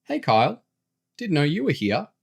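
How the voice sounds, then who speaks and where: A man's voice: fairly high pitch, huge pitch swings, moderate pace, vocal fry, slightly rough, pitched above the performer's own voice, full character voice. A chatty teenage girl from a storybook, her voice lifted well above the reader's own, as a male narrator puts her on. She sounds nervous but brushes things off, and her tone rises and falls a lot. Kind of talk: audiobook character voice.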